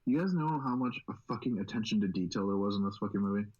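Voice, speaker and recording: A young man co-hosting a podcast in casual chat, swearing constantly and rambling excitedly. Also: on the low side, fast, lo-fi sound. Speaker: podcast host.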